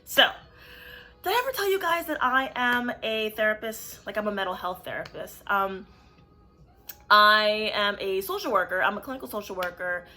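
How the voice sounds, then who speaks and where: Woman, bright clear voice, candid, casual, chatty vlog talk, um-filled. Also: medium pitch, lively intonation, moderate pace, faint music behind. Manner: candid, conversational, many fillers. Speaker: licensed clinical social worker and therapist, channel host.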